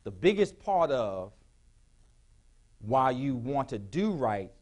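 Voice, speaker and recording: A male pastor preaching a sermon in a church, with call-and-response questions to the congregation, sometimes rising to shouts. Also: medium pitch, big pitch swings, takes it slowly. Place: church sanctuary.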